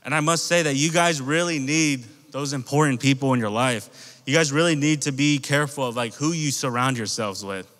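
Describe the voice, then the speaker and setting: A man's voice: mid-range voice, moderate pace, a bit bright. An American man preaching to a youth group in a casual, storytelling way and speaking directly to the kids. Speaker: youth pastor. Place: church youth hall. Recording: long reverb from a large hall.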